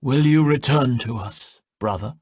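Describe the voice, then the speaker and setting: A man's voice: medium pitch, measured pace, a little mellow, breathy edge, no echo, clean studio sound, pitched above the performer's own voice. A man voicing the menacing, lonely spirit of a dead father in an audiobook, cold and possessive. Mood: pleading.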